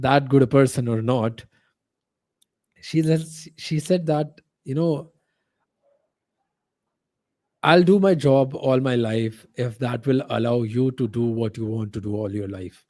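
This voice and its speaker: A man from India, a podcast guest telling a personal story in a halting way, full of fillers and restarts. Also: medium pitch, a little mellow, no room sound.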